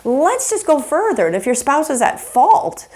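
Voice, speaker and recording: A woman teaching about marriage from a faith angle, earnest and animated, often acting out example conversations. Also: high-pitched, normal speed. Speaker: marriage counselor. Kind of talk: faith-based relationship teaching.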